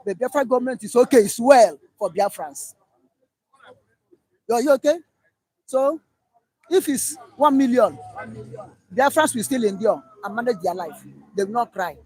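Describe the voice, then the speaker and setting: A man's voice: extremely high pitch, expressive, normal speed, long pauses, a little mellow, breathy edge. A man with a Nigerian accent calling in, talking emphatically and chanting slogans and blessings. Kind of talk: animated phone-in talk.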